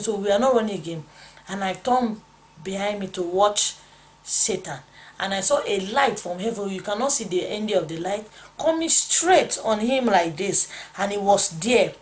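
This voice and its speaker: A woman's voice: medium pitch, normal speed. A woman, a pastor's wife, telling a dramatic spiritual testimony in an emphatic, repetitive, exclamatory way.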